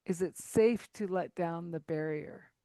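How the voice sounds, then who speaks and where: A woman's voice: fairly low pitch, a little slow, warm tone, no echo. Woman podcast host, conversational and affirming, dry close-miked sound. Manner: affirming, interjects to reflect back. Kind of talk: conversational interview.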